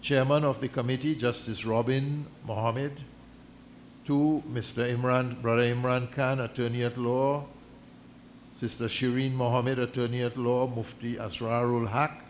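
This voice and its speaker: Guy talking at a community meeting, slow and careful, reads from papers, stumbles a bit. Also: mid-range voice, level tone, a little hiss or hum. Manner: measured, deliberate, halting with restarts, reads out documents. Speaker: mosque community representative addressing a meeting. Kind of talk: formal address to a meeting. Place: islamic centre meeting hall.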